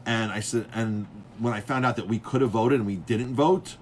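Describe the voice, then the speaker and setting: A chef and restaurant owner with a voice on the low side speaks at normal speed against slight background noise. In casual chat he tells rambling beer stories, animated and acting out others' lines, with lots of fillers and restarts.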